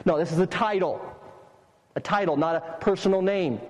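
High-voiced man preaching in a reverberant hall. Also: a little fast. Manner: explains step by step, emphatic. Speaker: pastor. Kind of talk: sermon. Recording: long reverb of a large hall.

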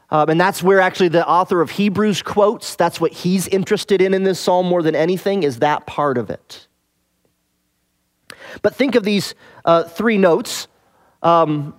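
A man preaching an expository sermon, explaining scripture in a measured, teacherly way and pausing to rephrase. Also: high voice.

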